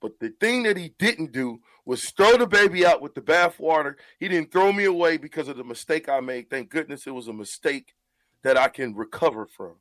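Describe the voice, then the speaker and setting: A man's voice: on the high side, animated, a little fast, a bit bright, dry recording. Earnest man talking on the radio. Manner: earnest, repeats words when emotional. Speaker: radio show host. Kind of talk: heartfelt radio talk.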